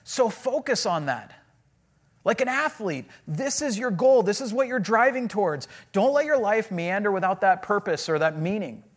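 Pastor, male, high-pitched voice, animated and conversational storytelling sermon. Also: normal speed.

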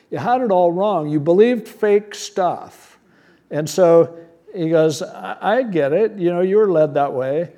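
His voice sits a little high yet carries a dark tone. He's a pastor delivering a sermon verse by verse, speaking plainly and conversationally and posing rhetorical questions.

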